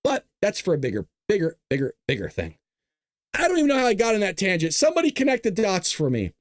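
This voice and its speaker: A man's voice: sits high, huge pitch swings, fast, no room sound, studio quality. A male host giving sarcastic, ranting political commentary straight to his viewers. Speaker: show host.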